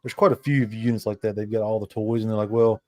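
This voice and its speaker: A man chatting calmly on a podcast, repeating his words as he starts his sentences. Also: fairly low pitch, fast. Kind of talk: casual chat.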